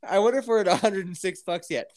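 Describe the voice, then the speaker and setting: A man's voice: sits high, fast talker, darkish tone. A man hosting a podcast, telling a crude story in a casual, laughing way and acting out other people's lines. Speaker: podcast host.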